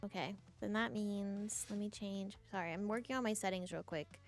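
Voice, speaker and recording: Woman streamer, chatty, casual, greets chat by name, laughs a lot, middle pitch, desk mic at home. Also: normal speed, soft background music. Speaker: game streamer. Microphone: desk mic, headset off.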